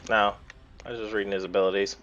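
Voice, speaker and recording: A man's voice: lowish voice, flat delivery, fast talker, a bit bright, faint music behind. A man running a tabletop game as dungeon master, laid-back and stumbling over his words. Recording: muffled lo-fi audio.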